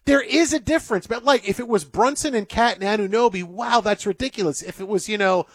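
A male sports talk host from the Detroit area, chatting in animated, rambling banter that repeats itself. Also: high voice, fast talker, no echo, clean studio sound. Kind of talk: casual banter.

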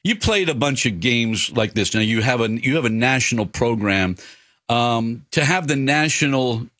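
A man's voice: medium pitch, animated, normal speed, a bit bright, dry recording, clean studio sound. A man hosting a casual radio interview, rambling through his questions with stops and restarts. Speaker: radio show host.

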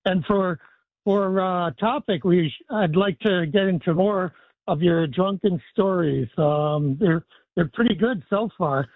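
A man calling in to a radio show, joking and halting with many fillers, heard over a tinny phone line. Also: sits high, dry recording. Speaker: caller.

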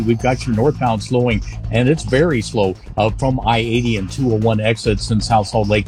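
A man's voice: medium pitch, darkish tone. Matter-of-fact male traffic reporter. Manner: quick, matter-of-fact with frequent "uh"s. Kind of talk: live radio traffic report.

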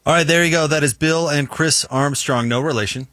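A man's voice: a little high, a little fast, a bit bright, no room sound, studio quality. A man hosting a sports radio show who chats in a casual, joking, conversational way.

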